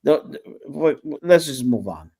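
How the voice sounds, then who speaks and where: A man's voice: fairly high pitch, animated, unhurried, a little mellow, breathy edge. A man in casual livestream chat, stammering, restarting words and trailing off.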